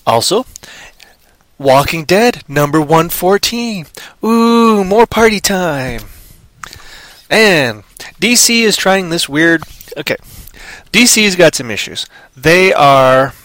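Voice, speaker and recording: A man's voice: a little high, fairly bright tone. A man hosting a casual comic book show, talking in a chatty, jumpy, playful way and throwing in sound effects. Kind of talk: casual live-stream chat.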